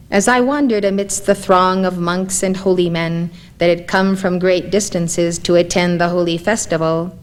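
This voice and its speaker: Woman narrator for spiritual stories, calm and measured, middle pitch. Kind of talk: scripted spiritual story reading.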